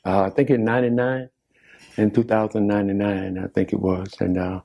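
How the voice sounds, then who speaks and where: An older man talks in a low, gravelly, mellow voice. As a longtime coach answering an interview, he speaks haltingly, pausing often and repeating himself. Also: little pitch movement. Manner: halting, many "uh"s and repeated phrases.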